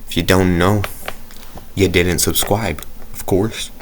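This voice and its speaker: Low-voiced man rambling over gameplay. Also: fairly even intonation, slow pace, a little hiss or hum. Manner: rambling, jokey, self-mocking. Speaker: gaming video creator. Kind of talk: casual gameplay commentary.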